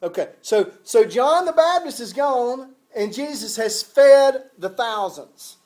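A man's voice: very high-pitched, animated, slow pace, darkish tone. A man preaching a sermon in a folksy, conversational way, often restarting his sentences. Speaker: pastor.

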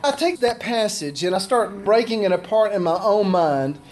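A man's voice: high-pitched, expressive, moderate pace, a little hiss or hum. A man preaching a conversational sermon, acting out the scripture voices he quotes. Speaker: pastor.

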